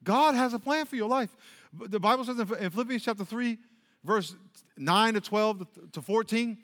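A middle-aged man preaching a sermon from a pulpit, telling stories and acting out voices with lively restarts. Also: sits high, normal speed, in a large hall. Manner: animated preaching with storytelling, restarts and acted-out quotes. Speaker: pastor. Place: church sanctuary with a pulpit.

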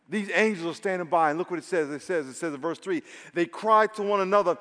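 A fairly high-pitched male pastor preaching in a big echoing hall. He shifts between low, confiding storytelling and loud, emphatic exhortation, and pulls his listeners into call-and-response. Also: fast, few pauses. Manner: emphatic, swings from quiet storytelling to shouted exhortation; leads congregation call-and-response. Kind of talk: sermon.

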